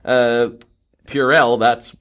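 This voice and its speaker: A man co-hosting a podcast in casual chat, talkative and joking, quick to laugh. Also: mid-range voice, little pitch movement, a bit bright. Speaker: podcast co-host.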